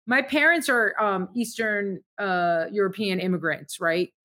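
A woman's voice: mid-range voice, measured pace, sharp tone. A woman from Montenegro, a comedian guest, telling stories earnestly and emphatically in casual podcast chat.

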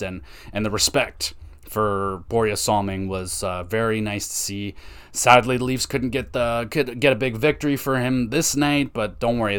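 A man hosting a casual hockey podcast, talking loosely with lots of swearing and fillers. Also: lowish voice. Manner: loose and profane, with frequent fillers. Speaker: podcast host.

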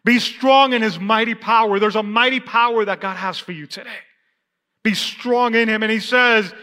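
A man preaches in a church with a high, bright voice that rings out across the long hall reverb. He mixes scripture with his own story, talking the way people do in everyday conversation and often repeating himself. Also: normal speed. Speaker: pastor. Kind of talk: sermon with personal testimony. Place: church sanctuary.

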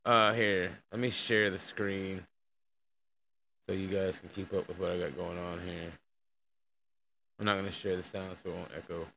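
A man's voice: deep voice, little pitch movement, moderate pace, gravelly, long pauses, bright, forceful tone, slight background noise, low-quality recording. A man hosting an online podcast, chatting casually with crude language and reading an article aloud over a call. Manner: loose and crude, with fillers and laughs. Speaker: podcast host.

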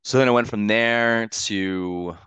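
A podcast guest with a low, smooth, resonant voice tells a personal story in easy chat, rambling with constant "like" fillers and swearing now and then as he speaks candidly. His tone is steady, his pace slow, and his voice a bit bright. The sound is close, dry, lo-fi, and free of echo.

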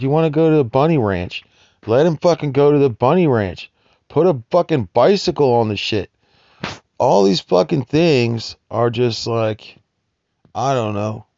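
A man with a dark, gravelly voice delivers a rambling, profanity-laced monologue, agitated and wandering. The recording is dry and dull, with a lo-fi, muffled sound. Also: mid-range voice, expressive, normal speed, no room sound. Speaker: vlogger describing homeless life.

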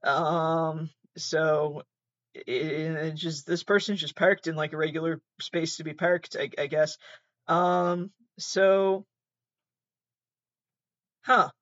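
A man's voice: fairly high pitch, fairly even intonation, slow pace, pauses often, fairly bright tone, dry recording. A man hosting a podcast, reacting to online clips in a rambling, sweary, exasperated way with lots of restarts. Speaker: podcast host. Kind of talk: casual reaction commentary. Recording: dull, muffled, dry sound.

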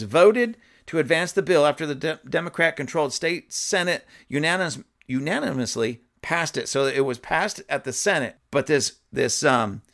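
This man has a medium-pitched, fairly bright voice. Working as a political commentator, he reads the news aloud and offers opinionated takes, scolding with emphasis and stumbling into fillers and restarts.

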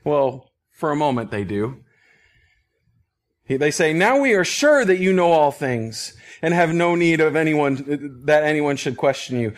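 An earnest male pastor teaching through a passage of scripture, with a voice set a little higher than most men's. He leans hard on key phrases and at times drops almost to a whisper. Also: expressive, measured pace. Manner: earnest, emphatic, with soft laughs and hushed phrases. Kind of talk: expository Bible teaching.

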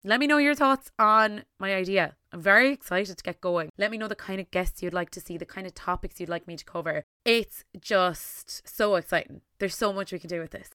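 An Irish woman hosting her own podcast, talking alone in an excitable, gushing way and rushing her words out in bursts. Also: medium pitch, smooth, no echo, clean studio sound. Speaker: podcast host. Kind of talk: solo podcast intro monologue.

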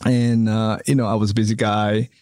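A man's voice: on the low side, flat delivery, normal speed, a little mellow, dry recording, clean studio sound. A man being interviewed in a casual chat, rambling with many fillers and tag questions. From Canada. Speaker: interview guest, hotel developer.

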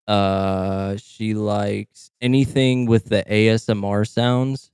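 Smooth-voiced laid-back podcast guy. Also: lowish voice, fairly even intonation, darkish tone, no echo, clean studio sound. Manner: laid-back, swearing, quick to laugh. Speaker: podcast co-host. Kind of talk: casual podcast chat. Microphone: podcast mic.

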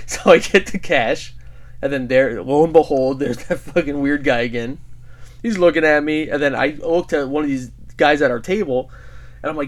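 A man's voice: mid-range voice, moderate pace. A young man co-hosting a podcast, telling a story in casual chat, quoting people as he goes, laughing often and swearing. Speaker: podcast co-host.

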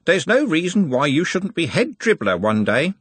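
Man doing a pompous older servant, stern, stiff, husky, lifted pitch. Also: very animated, normal speed, fairly bright tone, no room sound, exaggerated voice. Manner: pompous, stern, self-important. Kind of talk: audiobook character voice.

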